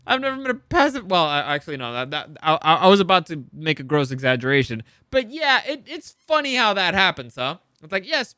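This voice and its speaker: A man hosting a review show, recapping a TV episode in a rambling, animated way, acting out characters with laughs and swearing. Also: high-pitched, a little fast, hardly any pauses, clear, resonant tone, no echo, clean studio sound.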